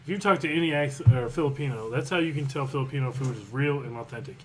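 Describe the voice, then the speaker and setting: A man co-hosting a podcast in casual chat, joking in a deadpan way. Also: mid-range voice, fast, rough recording. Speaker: podcast co-host. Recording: faint background noise.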